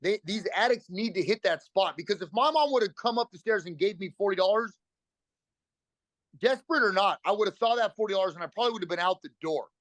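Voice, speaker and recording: A middle-aged man telling a raw personal recovery story as a podcast guest, talking fast and bluntly with emotion and free swearing. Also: sits high, expressive, a bit bright, no echo.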